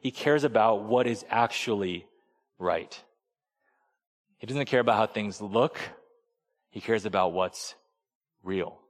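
A man's voice: fairly low pitch, takes it slowly, long pauses. Conversational male preacher in a reverberant hall. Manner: conversational storytelling preacher, acts out voices. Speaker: pastor. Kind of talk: sermon.

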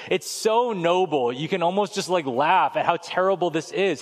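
A man in his thirties preaching a sermon in a relaxed, conversational storytelling way, acting out voices as he goes. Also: high-pitched, normal speed, few pauses. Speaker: pastor. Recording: long hall reverb.

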